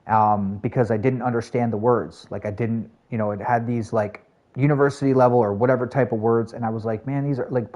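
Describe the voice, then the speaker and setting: A man's voice: medium pitch, darkish tone. A young man streaming live, rambling through a casual chat with his viewers and repeating himself as he goes. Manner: rambling, chatty, repeats phrases. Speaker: livestreamer.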